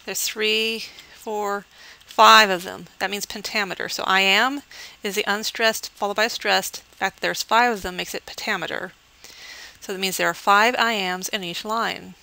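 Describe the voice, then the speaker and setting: A woman lectures on poetry in a clear, bright voice with a gravelly edge. She explains each term step by step, checks in often with her listeners, and reads verse at a slow, measured pace. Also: mid-range voice, fairly even intonation, poor audio. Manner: teacherly, explains step by step with frequent "okay" checks; reads the poem slowly and measured. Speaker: English professor.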